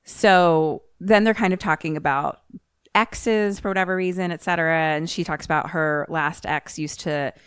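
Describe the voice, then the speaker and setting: A woman's voice: lowish voice, moderate pace, clear, resonant tone, dry recording, studio quality. A woman with a mixed American accent, a podcast co-host retelling a film plot in a loose, rambling way, full of quoted lines. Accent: mixed American, a little Philly and Maryland. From United States. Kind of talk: casual chat.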